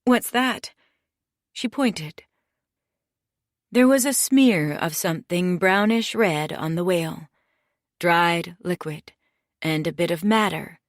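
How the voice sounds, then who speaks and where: Woman, low voice, audiobook narrator, measured reading, dry studio sound. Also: no room sound. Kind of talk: scripted narration.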